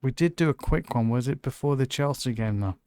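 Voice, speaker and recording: A man co-hosting a casual football podcast, relaxed and chatty, laughing easily. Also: mid-range voice, fairly quick, clean tone, no echo, studio quality. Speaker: podcast co-host. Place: lives in Liverpool.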